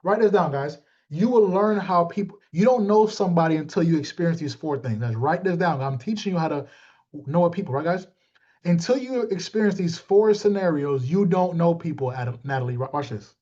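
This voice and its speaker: A man giving a motivational talk to his team, animated and streetwise, calling out listeners by name. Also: a little high, brisk, muffled recording. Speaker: team leader.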